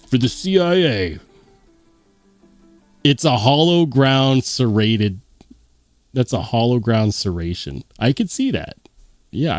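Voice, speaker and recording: A man hosting a casual livestream, reading viewer comments aloud and chatting as he goes. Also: medium pitch. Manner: lively, chatty, muses aloud. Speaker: host.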